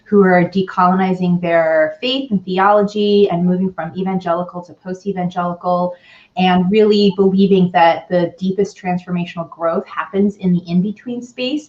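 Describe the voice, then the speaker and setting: A chatty woman from the East Coast speaks as a guest on a panel, her voice a little low and full of fillers. The sound is muffled, as if over a video call. Her room echoes noticeably. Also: a little mellow. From US East Coast, New York and Philadelphia area. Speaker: guest, youth ministry leader. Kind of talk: casual online panel conversation.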